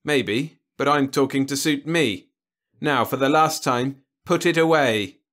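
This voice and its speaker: A man's voice: medium pitch, measured pace, fairly bright tone, pitched above the performer's own voice, lightly acted. A man voicing a cool, unflappable diplomat hero. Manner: dry, confident and clipped. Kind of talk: audiobook character voice.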